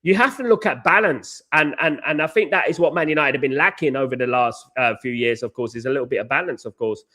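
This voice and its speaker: A man hosting a casual football live stream, reading out viewer comments and chatting through transfer news, his voice a little hoarse. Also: mid-range voice, quick pace, bright, forceful tone. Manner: chatty, repeats "of course, guys", greets chat viewers by name. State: slightly hoarse. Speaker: football podcast host. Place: hotel or flat in Naples, indoors.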